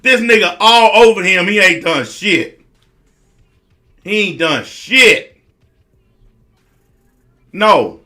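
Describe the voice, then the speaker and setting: A man with a high-pitched, hard-edged and forceful voice rants to camera. He is blunt and confrontational, full of profanity, and he repeats lines for emphasis. Nothing about him is softened or polite. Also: expressive, slow pace, long pauses, soft background music. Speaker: online commentator.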